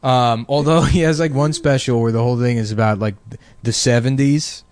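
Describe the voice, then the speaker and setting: A man hosting a casual comedy podcast, cursing freely and jumping into high mocking impressions mid-story. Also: steady tone, brisk, darkish tone, dry recording. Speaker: podcast host.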